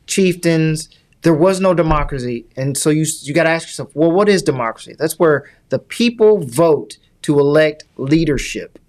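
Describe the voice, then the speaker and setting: A man co-hosting a podcast, explaining politics at length in an earnest, lecturing way during casual chat. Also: on the high side. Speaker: podcast co-host.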